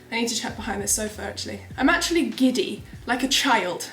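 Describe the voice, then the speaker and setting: A young woman vlogging casually from a small indoor room, chatty and excitable. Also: on the high side. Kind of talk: casual vlog diary. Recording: roomy echo.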